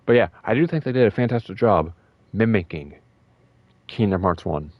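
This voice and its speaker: A young man talking in a casual, rambling way about a fighting game, emotional and excited, with many fillers and restarts. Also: on the low side, normal speed, no echo, lo-fi sound. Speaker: gaming video host.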